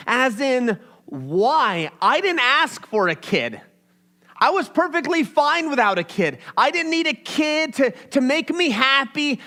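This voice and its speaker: A young man, a pastor, preaching in a conversational, animated way. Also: extremely high pitch. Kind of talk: sermon.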